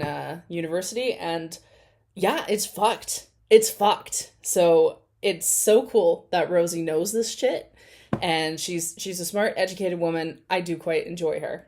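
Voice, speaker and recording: A woman's voice: lowish voice, unhurried, darkish tone. A young adult woman hosting a reaction video, reading messages aloud and commenting bluntly, with plenty of swearing. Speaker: reaction channel host. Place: at home by an open door near a main road.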